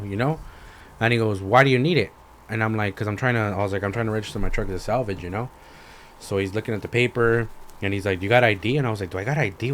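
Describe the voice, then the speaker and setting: A young man hosting a podcast, telling a story in a profane, animated rant and acting out both sides of the conversations. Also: on the low side. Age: young adult. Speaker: podcast host. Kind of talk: ranting casual storytelling.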